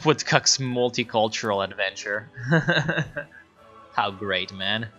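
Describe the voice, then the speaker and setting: A man's voice: medium pitch, expressive, moderate pace, sharp tone, muffled recording, soft background music. A young man whose first language is Italian, chatting casually and joking while he streams a strategy game and reads out messages from his chat. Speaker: gaming streamer. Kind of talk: casual live game commentary.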